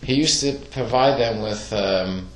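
A man's voice: fairly low pitch, a little slow. A man teaching a Torah lesson to a class, asking questions and telling stories with acted-out quotes. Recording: echoey room.

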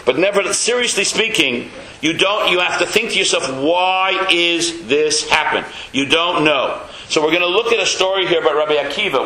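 A man delivers a sermon, weaving in stories and a Yiddish joke. His voice is bright, a little high, and rings out in an echoey hall. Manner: chatty, joking, loose phrasing with Yiddish words. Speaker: rabbi. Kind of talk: sermon with storytelling. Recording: roomy echo.

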